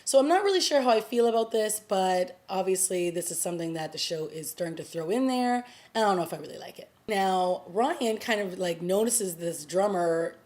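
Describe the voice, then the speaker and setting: A woman's voice: medium pitch, animated, brisk, few pauses, darkish tone. A woman vlogger giving a casual, chatty recap of a TV episode, full of fillers as she retells the plot. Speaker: TV review vlogger.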